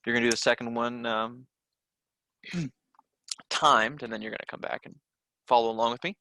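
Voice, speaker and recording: Bright-voiced man teaching test prep. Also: mid-range voice, steady tone, moderate pace, no echo. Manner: conversational, with frequent fillers and restarts. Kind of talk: recorded test-prep lesson.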